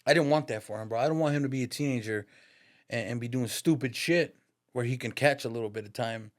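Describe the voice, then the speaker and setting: Guy on a podcast telling a story, swears a lot, slangy, mid pitch, does the voices. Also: quick pace. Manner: profane, slangy street talk; lively, acts out the voices in his stories. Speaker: podcast guest, barber. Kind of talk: casual storytelling.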